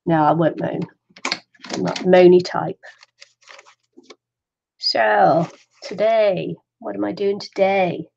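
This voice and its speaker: A woman's voice: on the low side, fairly even intonation, takes it slowly, creaky, pauses often, darkish tone, slight background noise. A middle-aged woman chatting casually on a craft live stream, laughing often and talking to herself. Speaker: craft livestream host. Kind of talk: chatty live stream while waiting for viewers. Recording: dull lo-fi live stream audio.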